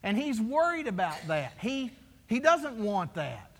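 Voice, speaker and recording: A man's voice: high voice, very animated, unhurried. A man preaching a sermon as pastor, emphatic and full of rhetorical questions to his congregation. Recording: long hall reverb.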